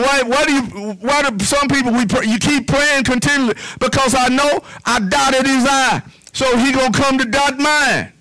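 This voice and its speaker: High bright-voiced preaching man. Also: poor audio. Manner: preaching with repetition, drops to a low hush on "whisper". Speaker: pastor. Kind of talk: sermon.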